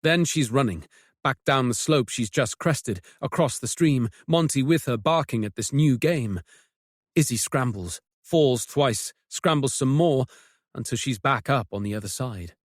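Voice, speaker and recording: A man's voice: mid-range voice, expressive, a little slow, dry recording. Man narrating in a dry studio. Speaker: audiobook narrator. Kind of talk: scripted narration.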